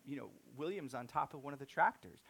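A man in his thirties preaching a sermon, telling a story and swinging from soft-spoken to loud, excited outbursts. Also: mid-range voice, fast talker, gravelly. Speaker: pastor.

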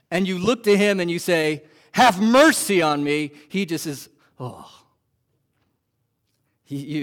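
A man preaching a sermon as pastor, animated and asking the congregation rhetorical questions. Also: on the high side.

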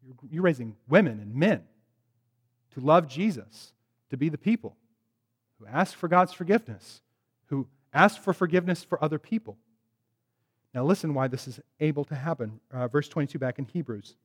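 A male pastor delivers a sermon with a slightly higher-than-usual voice, chatting with his congregation and cracking jokes along the way. His words trail off into a long hall reverb. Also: lively intonation, normal speed, pauses often, slightly rough. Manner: conversational, jokey, addresses congregation directly. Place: church sanctuary.

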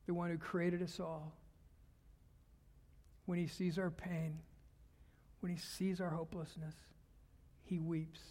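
Husky guy pastor preaching, kinda high voice, big echoey church hall, goes from whispery to loud and fired up. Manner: earnest, swings from hushed whispers to loud fervor. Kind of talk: sermon. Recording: long hall reverb.

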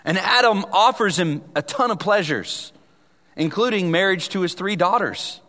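A man preaches with an earnest, fairly high voice. He presses hard on key lines and then sinks to a hushed tone. The sound rings with the long reverb of a church hall. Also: animated, normal speed. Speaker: pastor. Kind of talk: sermon.

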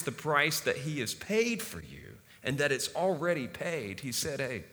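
A pastor preaches to his congregation in a loose, conversational style, full of "like" and restarts. His voice is bright and swings widely in pitch. The sound carries a long hall reverb. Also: huge pitch swings, a little slow, few pauses. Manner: casual, conversational preaching with many fillers. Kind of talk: sermon. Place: church hall.

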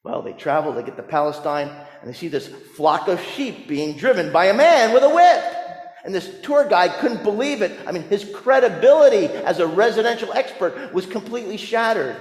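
A man preaching a sermon as pastor, telling stories with humor, rising to emphatic points and dropping soft. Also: high-pitched, animated, moderate pace. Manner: storytelling with humor, emphatic rises and soft drops. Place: church sanctuary. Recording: roomy church with long reverb.

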